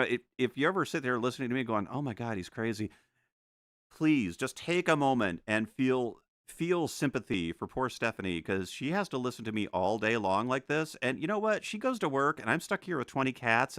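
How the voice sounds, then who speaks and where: A man's voice: medium pitch, dry recording, clean studio sound. A man chatting casually while painting on a live stream at home, joking and making little sound effects as he works. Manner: animated, jokey, makes sound effects. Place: home studio.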